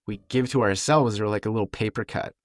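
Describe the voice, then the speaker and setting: A man's voice: fast talker, dry recording, studio quality. A man hosting an interview podcast, reflective and playful, acting out little quoted remarks. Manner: reflective, playful, acts out quoted speech in a higher voice. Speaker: podcast host. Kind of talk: casual conversational interview.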